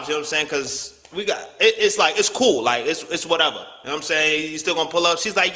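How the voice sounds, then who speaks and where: A man's voice: brisk, long reverb tail. A man telling a casual, slangy story, acting out the quotes with big swings in his voice. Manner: animated, slangy, swings pitch widely, acts out quotes.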